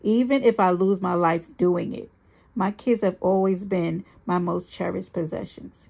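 Husky, gravelly woman reading a story. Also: fairly low pitch, measured pace, mellow. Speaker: reader. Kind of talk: first-person dramatic story reading.

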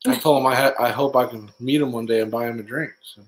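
A man's voice: mid-range voice, steady tone, quick pace, low-quality recording. A man co-hosting a casual livestream, teasing and joking in a dry way. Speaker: co-host, partner.

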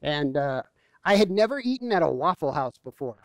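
A male pastor delivers a sermon in a relaxed, joking, storytelling manner. His voice sits high for a man. The sound is dry and close, with little room echo. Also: a little fast. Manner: conversational, humorous storytelling. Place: church.

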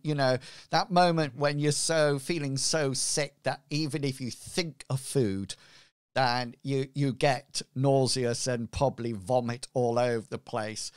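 A man narrating a tabletop game as game master, in an unhurried, rambling way with many "sort of, like" fillers. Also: mid-range voice, fairly even intonation, clean tone, no room sound, clean studio sound.

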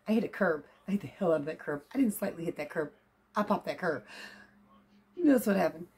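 A woman chatting casually to her phone camera as a vlogger, folksy and quick to laugh. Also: on the low side, a little mellow. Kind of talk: casual vlog chat. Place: outdoors at a car lot, then at home.

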